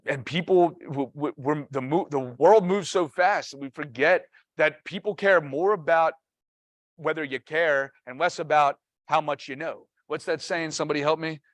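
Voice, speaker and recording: A man giving a motivational training talk at a team meeting, energetic and punchy, often quizzing his listeners. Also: on the high side, moderate pace, no echo. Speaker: real estate team trainer.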